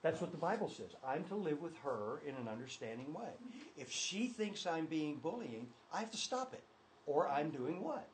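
A man's voice: fairly high pitch, sing-song, moderate pace, low-quality recording. An older man teaching a church class with slides, talking in an enthusiastic, emphatic way. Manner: enthusiastic, emphatic, talks with restarts.

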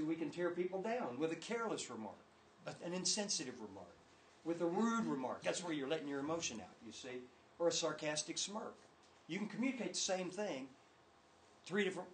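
A man's voice: a little high, a little hiss or hum, low-quality recording. An older man teaching a church class with slides, talking in an enthusiastic, emphatic way. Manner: enthusiastic, emphatic, talks with restarts.

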